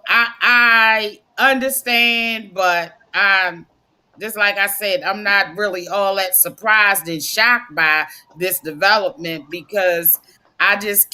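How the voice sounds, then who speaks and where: A woman on a live podcast panel, speaking in a measured, reflective way and calling herself cynical. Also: medium pitch, bright, forceful tone, smooth.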